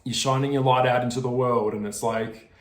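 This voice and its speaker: A man's voice: medium pitch, fairly even intonation, brisk, reverberant. A man with an Australian accent talking straight to his viewers in a casual, swearing rant. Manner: swearing, ranting, laughing, addresses viewers directly. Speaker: video creator. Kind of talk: casual vlog chat.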